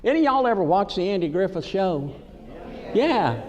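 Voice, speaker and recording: A man with a Southern drawl spins folksy comic stories and ribs the crowd in a chatty way. His voice sits a little high and swings up and down with lively energy. A long hall echo hangs behind him. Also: normal speed. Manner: folksy, chatty, teasing the audience. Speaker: comedic entertainer. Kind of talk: stand-up storytelling in a folksy character. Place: large conference hall with a live audience. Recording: echoey hall.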